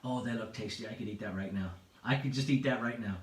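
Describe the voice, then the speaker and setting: A bright-voiced man hosts a home pub quiz, chatty and playful as he repeats each option. His pitch swings widely. He sits back from the mic in an echoey room. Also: lively intonation, a little fast, far from the mic. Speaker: quiz host. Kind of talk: livestream pub quiz hosting.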